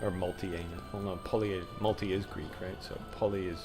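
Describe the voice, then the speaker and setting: Excitable swearing gamer guy. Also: sits low, brisk, music in the background. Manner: excitable, swears, yells at the game. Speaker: gamer streamer. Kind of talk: casual gameplay commentary.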